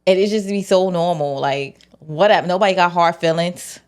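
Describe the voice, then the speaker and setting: A woman's voice: fairly low pitch, normal speed. A woman host breaking down a TV episode in casual, slangy chat, acting out the characters' lines as she goes. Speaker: TV recap host.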